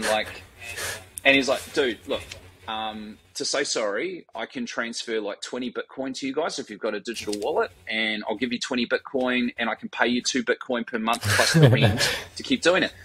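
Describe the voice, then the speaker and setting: A man, an excitable guest who tells stories and drops swear words as he goes. His pitch sits in the middle range, and he jumps into the voices of the people he is quoting. A faint hiss of noise runs underneath the recording. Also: moderate pace, poor audio. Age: 40s. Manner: animated storyteller, swears freely, acts out quoted voices. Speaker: guest, startup founder. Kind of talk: casual interview chat.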